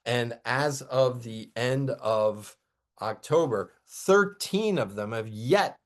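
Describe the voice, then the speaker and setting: A man speaks as a guest expert, walking through the weather in a steady, informative manner. His voice is mid-pitched for a man, and he backs up his points with numbers. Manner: measured, informative, cites figures. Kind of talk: conversational explanation.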